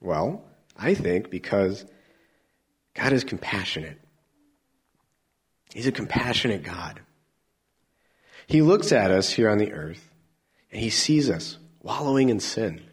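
A man preaching a sermon, animated, swinging from loud emphatic lines to soft near-whispers. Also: fairly low pitch, slow, long pauses, slightly rough.

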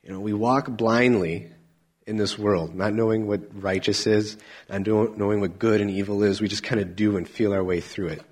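A man preaching a sermon, animated, swinging from loud emphatic lines to soft near-whispers. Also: lowish voice, normal speed.

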